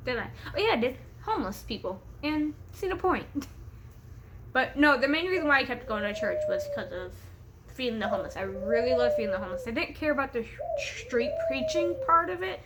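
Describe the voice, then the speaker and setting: Hyped up on caffeine, a young female vlogger rambles through a story in a home room she shares with a pet bird, laughing a lot, cursing without restraint, and losing her train of thought. Her voice is on the high side and swings widely in pitch as she talks briskly. The recording is very noisy.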